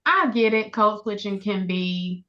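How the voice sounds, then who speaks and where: A woman's voice: mid-range voice, measured pace. A woman from the Midwest with a light Southern accent, telling a story in a casual chat and acting out quotes. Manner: animated storyteller, laughs often, acts out quotes. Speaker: podcast co-host. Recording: dull lo-fi audio.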